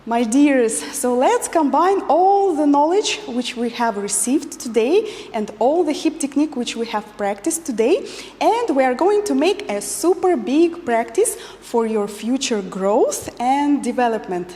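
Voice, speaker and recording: High, lively woman teaching dance. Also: measured pace, in a large hall. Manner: counts beats and repeats cues rhythmically. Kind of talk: dance lesson instruction with counting.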